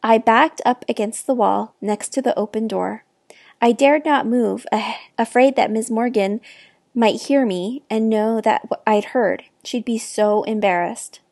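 A woman reading a children's novel aloud with expressive, clear narration. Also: fairly high pitch, measured pace, dry recording, clean studio sound. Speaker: reader. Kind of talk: storybook read-aloud.

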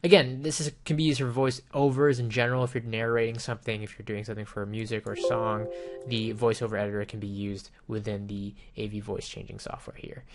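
A man casually demonstrating a program on screen, explaining each step in a relaxed way with frequent ums and you-knows. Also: fairly low pitch, brisk, soft background music. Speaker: software reviewer. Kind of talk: casual screen-recorded software walkthrough. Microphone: desktop microphone with headphones.

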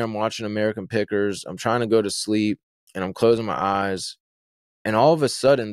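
Young man, lowish voice, dry close mic, rambling storyteller. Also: no echo. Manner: rambling, fillers and restarts, vivid retelling. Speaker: guest telling his story. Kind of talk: casual storytelling.

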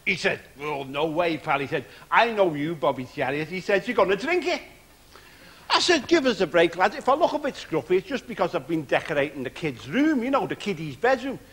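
An actor playing a self-pitying middle-aged warm-up comedian, rambling through his patter in a TV sketch comedy. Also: high voice, sing-song, fairly quick.

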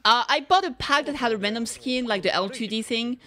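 A woman streamer giving excited, casual reaction commentary, gushing and squealing with delight, with fillers and the odd swear. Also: fairly high pitch, fairly quick. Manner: gushing, squeals and laughs often. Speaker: streamer reacting to a game livestream.

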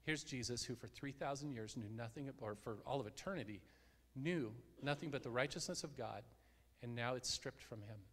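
A male guest preacher giving an earnest sermon in a church, dropping to a hushed voice at solemn points. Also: mid-range voice, normal speed. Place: church sanctuary. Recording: long hall reverb.

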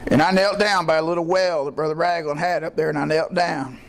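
A man preaching a sermon as pastor, telling folksy stories and climbing into excited high bursts. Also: fairly quick, a little hiss or hum. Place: church.

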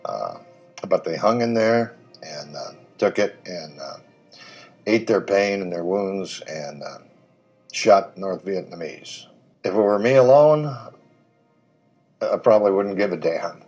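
An older man, a military veteran, recounting combat in an interview, plainspoken and halting with fillers and dry humor. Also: sits low, animated, a little mellow, slightly rough, soft background music, rough recording. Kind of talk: interview recollection.

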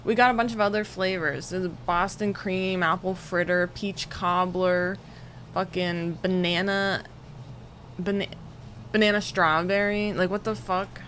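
A young woman livestreams from a home room with an air conditioner running, her fairly low, fairly bright voice steady in tone and unhurried, with a little hiss or hum. She chats casually with live chat, rambling as she greets viewers one by one.

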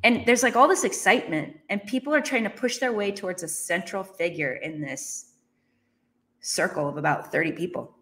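A woman's voice: medium pitch, normal speed, fairly bright tone. A woman in her thirties or forties telling a personal business story as a motivational speaker, acting out her own reactions with laughs.

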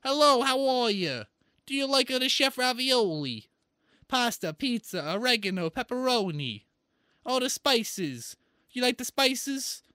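A man's voice: very high voice, sharp tone, smooth, dry recording, studio quality, heavily acted. A man playing a boastful, rambling male Italian chef in a put-on Italian-American accent, chatting on video call. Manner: rambles through food lists, pleased with himself. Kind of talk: comedic character improv on video chat.

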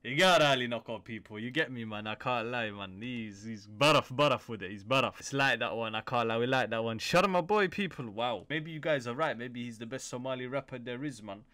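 A man's voice: medium pitch, fairly quick, few pauses, bright, forceful tone. A young man, hosting a casual music reaction video in slangy, chatty talk that often repeats itself. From United Kingdom.

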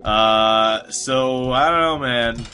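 A man with a sore, strained voice, rambling excitably through casual commentary on a game he is playing. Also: medium pitch, drawn-out words, faint music behind. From United States. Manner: rambling, excitable, swears often. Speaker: gaming commentator. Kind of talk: casual let's play commentary.

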